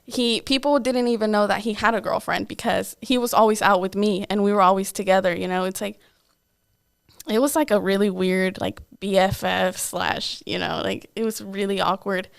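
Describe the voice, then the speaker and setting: A young woman chats candidly on a podcast and tells a personal story, acting out what people said along the way. Her voice is smooth and clear, and it sits at a middle pitch. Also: steady tone, normal speed. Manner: candid, lots of "like" and quoted asides. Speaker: podcast co-host. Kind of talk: casual storytelling chat.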